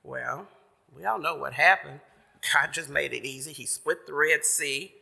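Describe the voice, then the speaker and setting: A church member giving the message tells a sermon story in a folksy, chatty manner, paraphrasing along the way at a measured pace. His voice is fairly high, gravelly and bright, and a long church reverb lingers after his words.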